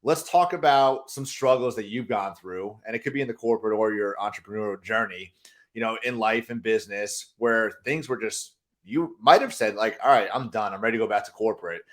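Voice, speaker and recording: A man's voice: on the low side, brisk, a bit bright. A man hosting a podcast, asking long, rambling questions in a casual tone. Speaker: podcast host.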